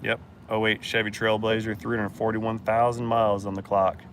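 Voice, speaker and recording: A blunt, joking mechanic answers viewer questions in a casual live stream. His voice sits on the low side for a man. Faint outdoor street noise runs under the recording. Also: flat delivery, normal speed. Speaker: host answering live chat.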